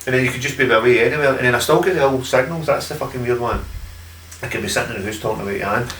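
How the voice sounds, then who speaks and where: A man's voice: medium pitch, very fast, fairly bright tone. A Scottish man, a podcast guest, telling stories in casual chat, swearing a lot and laughing as he talks. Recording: echoey room from far off with faint hiss.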